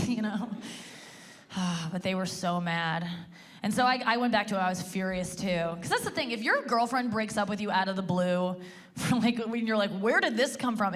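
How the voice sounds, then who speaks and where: A woman's voice: medium pitch, expressive, normal speed. A woman in her thirties doing a stand-up comedy set on stage, chatty and self-deprecating, full of "like" and acted-out quotes. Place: comedy stage before a live audience. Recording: live stage recording with audible room noise.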